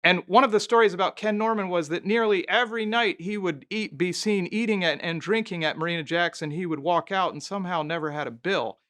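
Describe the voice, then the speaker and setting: A man's voice: high voice, fairly quick, few pauses, bright, forceful tone. A former mayor, a man, telling candid stories as a guest in a conversational interview. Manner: candid, anecdotal, thinking aloud.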